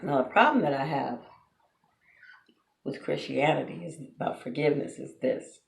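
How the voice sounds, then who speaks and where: A woman's voice: low-pitched, lively intonation, normal speed, gravelly. A woman giving blunt relationship advice straight to her viewers, preachy and full of rhetorical questions. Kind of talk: direct-to-camera advice monologue. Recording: roomy echo.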